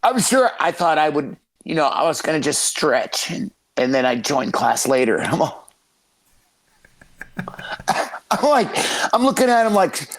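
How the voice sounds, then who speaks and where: Profane, animated male jiu-jitsu coach. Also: on the high side, a little slow, pauses often, poor audio. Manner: profane, animated, laughing while telling stories. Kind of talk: casual podcast storytelling.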